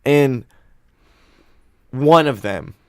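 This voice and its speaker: A man's voice: medium pitch, animated, very slow, clear, resonant tone, dry recording, clean studio sound. A man hosting a podcast, telling stories in a loose, profane, laid-back way. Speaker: podcast host. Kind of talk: casual podcast chat.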